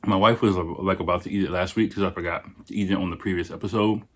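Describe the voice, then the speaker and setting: Male podcaster, very deep voice, loose and swearing, rambling food-tasting chat. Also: steady tone, quick pace. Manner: profane, rambling, chatty. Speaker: podcast host.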